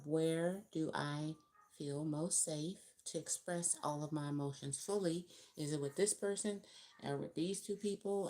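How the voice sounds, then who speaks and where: A woman's voice: low-pitched, darkish tone. A woman giving a casual tarot reading to viewers, musing and thinking aloud as she counts out cards. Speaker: tarot reader.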